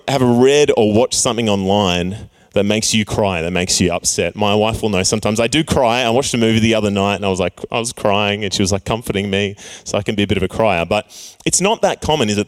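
A young man preaching a casual youth sermon, playfully acting out characters and joking with his listeners. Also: fairly low pitch. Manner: playful, acts out characters with jokey voices. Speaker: youth pastor.

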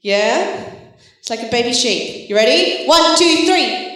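A woman giving an encouraging, animated Bible talk to children in a church. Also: high-pitched, measured pace. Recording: very echoey hall, voice from far off.

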